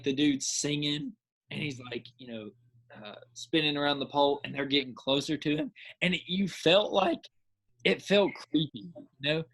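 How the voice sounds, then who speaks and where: A man co-hosting a podcast, chatting casually and excitedly, rambling with lots of filler and acting out his own reactions. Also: fairly high pitch. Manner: repeats filler words. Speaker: podcast co-host. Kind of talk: casual chat.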